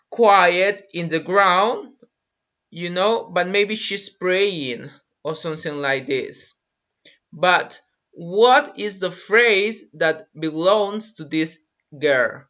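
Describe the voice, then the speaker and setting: An English teacher with a Spanish accent, a native Spanish speaker, slowly drilling pronunciation in an online lesson. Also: mid-range voice, sharp tone. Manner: slow, repetitive drilling of pronunciation. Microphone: computer mic on a video call. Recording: dull lo-fi webinar audio.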